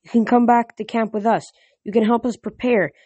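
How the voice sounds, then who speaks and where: A man's voice: very high voice, steady tone, brisk, dark tone, breathy edge, no room sound, dull audio, pitched above the performer's own voice. A man reading a storybook aloud and voicing a determined teenage girl who speaks firmly and encouragingly. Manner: firm, encouraging.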